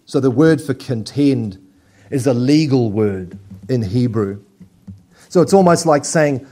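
A man preaching a sermon as pastor, telling lively stories and acting out little scenes. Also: mid-range voice, unhurried.

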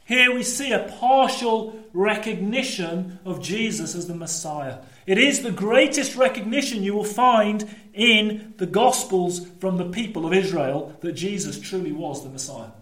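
A man preaching a sermon, animated, swinging between lively storytelling and low, emphatic asides. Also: measured pace. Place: church. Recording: echoey church room.

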